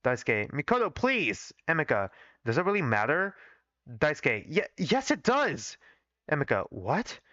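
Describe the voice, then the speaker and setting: A man's voice: fairly high pitch, huge pitch swings, measured pace, sharp tone, no room sound, highs cut off, full character voice. A man reading the lines of an anxious young male student from his fan fiction in his own plain voice. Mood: pleading. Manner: plain read-aloud delivery.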